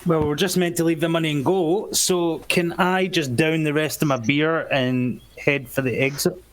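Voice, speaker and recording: Easygoing player, mid pitch, faint background noise. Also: steady tone, moderate pace. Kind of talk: casual tabletop play.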